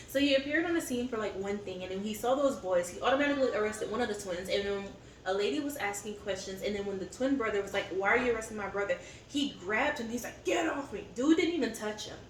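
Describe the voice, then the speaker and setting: A woman talking candidly over a meal, her words rambling and unpolished as she vents. She sits back from a camera in a roomy space, with a faint hum of ambience behind her. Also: medium pitch. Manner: candid, venting, rambling with fillers. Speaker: co-host of a family eating channel. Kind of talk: casual chat over a meal. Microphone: camera set up at a distance. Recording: roomy echo, distant mic, faint ambience.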